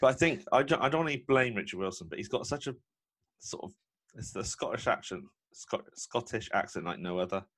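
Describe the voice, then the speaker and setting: Deep-voiced podcast host. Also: male voice, expressive, a little fast, a bit bright. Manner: chatty, jokey, self-deprecating. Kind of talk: casual chat.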